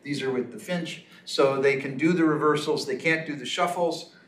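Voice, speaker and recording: A man's voice: fairly high pitch, moderate pace, distant mic, slight background noise. Chatty man lecturing in an echoey room. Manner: casual, chatty, many fillers and asides. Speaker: guest lecturer. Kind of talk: academic seminar talk.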